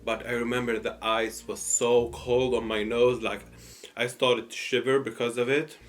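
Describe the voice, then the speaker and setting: A man's voice: medium pitch, flat delivery, normal speed, soft background music. A man casually telling a personal story while eating, hesitant and full of fillers and restarts. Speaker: storytime host.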